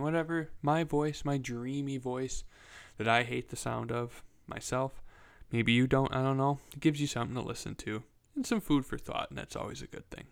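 A man's voice: medium pitch, smooth. A young man hosting his own podcast, rambling casually with profanity and self-mocking asides. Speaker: podcast host. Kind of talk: casual solo podcast chat.

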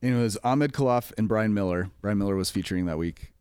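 A man's voice: on the low side, fast, smooth, dry recording, studio quality. Man telling a rambling club story. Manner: rambling, animated retelling with quoted voices. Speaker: comedy club manager. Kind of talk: casual storytelling chat.

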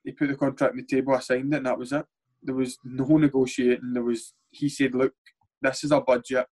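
A young Scottish man, a footballer, telling stories in casual chat, animated and swearing freely as he acts out what others said. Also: mid-range voice, fast talker. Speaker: footballer guest. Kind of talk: casual storytelling.

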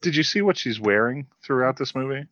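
A man co-hosting a podcast, giving measured, critical commentary in casual chat. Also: mid-range voice, animated, fairly bright tone, dry recording, lo-fi sound. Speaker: podcast co-host.

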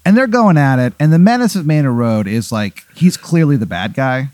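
A man's voice: mid-range voice, expressive, normal speed, a little mellow, dry recording. A man hosting, playfully laying out an improvised comic scenario and acting out voices.

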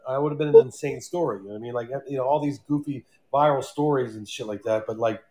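A man co-hosting a podcast, telling an animated anecdote in casual chat and swearing freely. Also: mid-range voice, fast talker. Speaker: podcast co-host.

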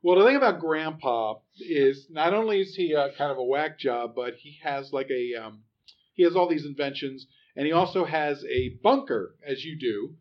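A man's voice: on the high side, lively intonation, normal speed. A man casually discussing a film on a podcast, rambling with many restarts. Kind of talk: casual movie review chat. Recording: dull lo-fi recording.

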